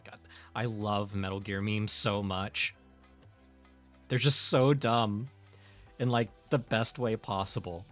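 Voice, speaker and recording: A man's voice: fairly low pitch, steady tone, slow, long pauses, a bit bright, soft background music. Rambling, laugh-prone male streamer. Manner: rambling, filler-heavy, laughs often. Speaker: streamer and artist. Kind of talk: casual chat while drawing on stream.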